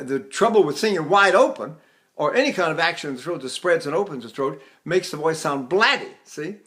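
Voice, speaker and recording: A man in his eighties teaching vocal technique, explaining in an easy conversational way and breaking into falsetto vocalises and sung vowels. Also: fairly bright tone. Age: 80s.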